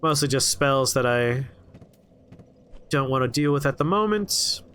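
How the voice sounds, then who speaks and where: A man's voice: medium pitch, animated, a little slow, a bit bright, smooth. A man streaming a video game, casually commenting and reading out strange item names with amusement. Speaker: let's play streamer.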